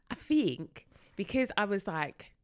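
A woman's voice: mid-range voice, takes it slowly, dry recording. A young woman, telling a story in casual chat and acting out the voices of the people in it. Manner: animated, acts out voices in her stories.

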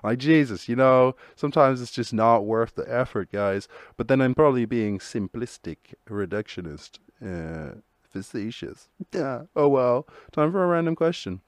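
A man's voice: medium pitch, expressive, normal speed, no room sound. A man hosting a solo podcast, rambling through jokey, profane musings in casual chat. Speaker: podcast host.

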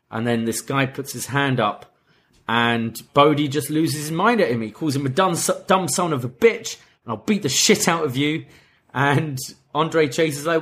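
A man's voice: on the high side, expressive, unhurried, fairly bright tone. A man co-hosting a wrestling podcast, recapping a show in casual chat and laughing as he acts out quoted lines.

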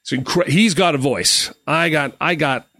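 A man's voice: fairly high pitch, unhurried, bright, forceful tone, no room sound. A middle-aged man from Canada, hosting a live stream and telling rambling, friendly anecdotes with lots of fillers and restarts. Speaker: host. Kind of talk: casual storytelling on a live stream.

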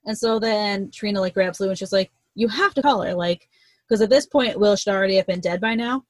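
A woman's voice: mid-range voice, fairly quick, no room sound, rough recording. A young woman in casual chat, retelling a novel's plot in a rambling way, swearing freely and acting out the characters' lines.

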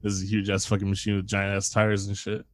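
A man's voice: lowish voice, monotone, fast talker, no room sound, studio quality. A man chatting casually as a podcast co-host, rambling and swearing a lot as he jokes. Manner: rambling, profane, jokey. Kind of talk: casual chat.

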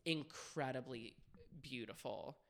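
A man's voice: mid-range voice, slow pace, gravelly. A young man co-hosting a podcast, telling frank, profane stories in casual chat with constant "like" fillers. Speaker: podcast co-host.

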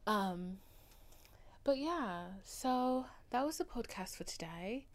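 A woman's voice: fairly high pitch, expressive, slow pace. A young woman podcast host, tired and loopy, chatting in a playful, overdramatic, rambling way. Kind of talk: casual chat.

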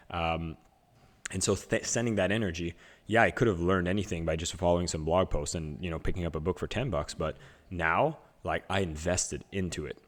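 A man's voice: sits low, a little fast. A man talking casually on a video call, coaching others in an earnest, searching way with many fillers. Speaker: business coach.

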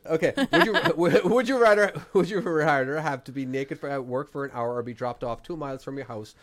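An Irish man co-hosting a podcast, talking in a loose, rambling way and breaking into laughter often. His voice sits in an ordinary middle pitch, and the talk is relaxed and conversational. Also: a little fast. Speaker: podcast co-host. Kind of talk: casual chat.

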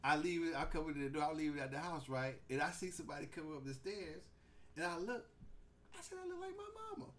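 A man's voice: fairly high pitch, fast, a little hiss or hum. A man in his forties hosting a podcast in casual chat, telling stories animatedly, acting out quotes and laughing often. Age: 40s. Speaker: podcast host.

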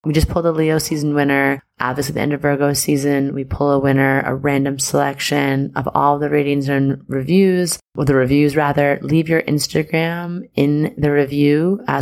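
Low, gravelly-voiced woman podcast host. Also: steady tone, moderate pace, hardly any pauses, darkish tone. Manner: chatty, loose, full of fillers. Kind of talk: casual spiritual podcast monologue.

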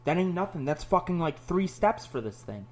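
A man telling stories in a casual podcast chat, animated and full of swearing. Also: fairly high pitch, moderate pace. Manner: profane, animated storytelling. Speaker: podcast host.

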